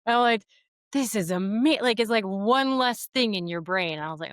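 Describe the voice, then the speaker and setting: Smooth-voiced mom host, dry close sound. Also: female voice, mid-range voice, moderate pace, no echo. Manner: expressive, laughs a lot, acts out quotes. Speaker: podcast host. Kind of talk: casual conversational interview.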